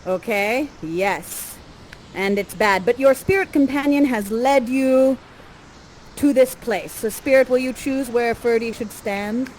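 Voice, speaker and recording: A woman's voice: fairly high pitch, slow pace, a little mellow, slight background noise, poor audio. A woman performing interactive live theater, guiding the audience through the scenes in a playful, theatrical, encouraging way.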